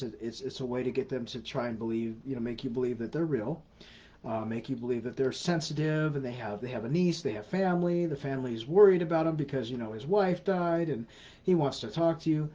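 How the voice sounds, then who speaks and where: Man with a mellow voice on a livestream. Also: medium pitch, quick pace. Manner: chatty, repeats words and restarts often. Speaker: host of a scam-awareness livestream. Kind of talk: casual livestream Q&A. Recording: slightly dull lo-fi livestream audio.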